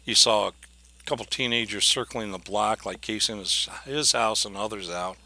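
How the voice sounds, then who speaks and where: Low, bright-voiced male instructor. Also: moderate pace, gravelly. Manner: plain-spoken, with frequent restarts and fillers. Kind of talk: conversational lecture recounting a case.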